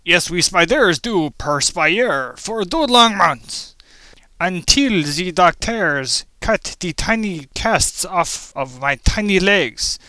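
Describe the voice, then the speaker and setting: A man's voice: high voice, expressive, slow pace, sharp tone, no room sound, full character voice. A man playing a vengeful male spider with a mock French accent, in a melodramatic comic monologue. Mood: aggrieved. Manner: melodramatic, villainous, theatrical. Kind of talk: comedic monologue.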